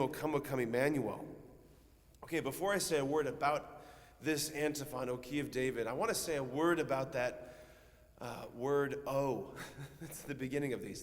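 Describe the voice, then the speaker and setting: A man preaching a homily in a conversational way. He asks his listeners questions and now and then rises to loud, drawn-out emphasis. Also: medium pitch. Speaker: priest. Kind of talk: sermon. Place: church. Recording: long church reverb.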